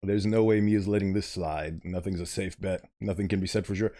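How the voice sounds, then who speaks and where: A man's voice: sits low, steady tone, brisk, mellow. A man streaming a story game, reading it aloud and chatting animatedly, sometimes fumbling for words.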